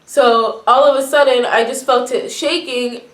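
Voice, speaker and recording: A young American woman from Florida chatting with her roommates, telling a story with lively, shrieking acted-out quotes. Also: sits high, a little slow, roomy sound. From Florida, USA. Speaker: vlogger. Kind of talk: casual chat, mukbang.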